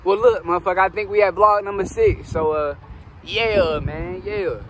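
A man's voice: sits high, normal speed, background noise. Hyped man hosting a studio vlog. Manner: hyped, slangy, shouting out to viewers. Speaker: vlog host. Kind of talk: casual hype chat. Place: recording studio. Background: hip hop music.

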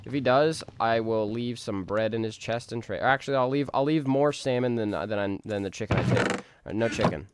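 A man's voice: medium pitch, a little fast, hardly any pauses, heavy background noise. A man giving casual, rambling gameplay commentary, talking to himself with jokey outbursts. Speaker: gaming streamer.

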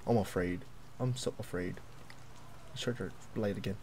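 A young man commentating a horror game as he plays, jumpy and excitable, yelping and taunting the monster. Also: deep voice, normal speed, a little hiss or hum. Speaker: gaming video creator.

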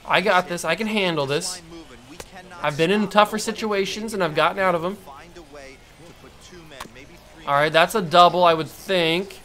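A man talking his way through a baseball video game in a casual, running monologue. His voice is bright and sits a touch high, and he mutters to himself, then flares up with frustrated outbursts. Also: moderate pace. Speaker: gamer. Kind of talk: casual gameplay commentary.

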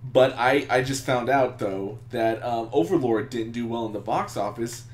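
A man's voice: mid-range voice, moderate pace, roomy sound. A man chatting casually while playing a game with friends, laughing often and ranting about movies. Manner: giggly, ranting, animated. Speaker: let's play gamer. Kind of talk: casual gaming chat.

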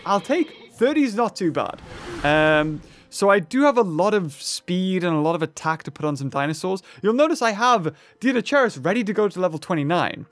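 A young man chatting casually through a mobile dinosaur game, excitable and rambling with lots of fillers. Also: high voice, normal speed. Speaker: gaming YouTuber.

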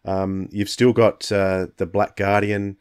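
A man's voice: lowish voice, flat delivery, slow pace, darkish tone, clean tone. A man co-hosting a podcast, reviewing a story in hesitant casual chat. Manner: hesitant, many ums and uhs. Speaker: podcast co-host.

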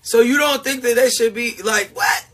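A man's voice: extremely high pitch, moderate pace, fairly bright tone. A man streaming live to his supporters in a casual, emphatic, confessional way. He repeats his points and laughs often between them. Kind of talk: casual livestream chat.

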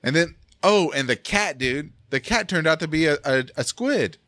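Excitable man chatting about movies. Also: on the high side, moderate pace, dry recording, studio quality. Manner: animated, rambling, laughs often. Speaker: podcast host. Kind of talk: casual movie review chat.

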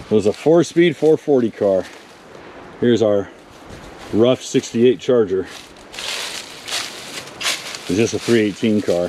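With a fairly low voice and background noise audible, a man presenting for a car magazine walks around old cars in a wooded salvage yard. He keeps it casual, chatting to viewers and speaking to the cars themselves.

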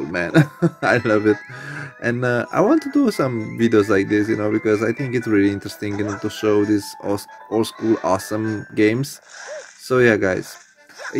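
A man with a gravelly edge hosts his channel. He talks through gameplay in a loose, rambling way, with many fillers and frequent laughs. Soft game music runs underneath. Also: fairly low pitch. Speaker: channel host. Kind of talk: casual gameplay commentary.

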